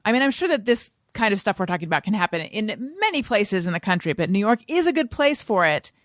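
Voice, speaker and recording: A woman's voice: medium pitch, big pitch swings, fast talker, a bit bright, no echo, studio quality. A woman hosting an interview podcast, talking in a reflective, casual way and affirming her guest often. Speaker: podcast host.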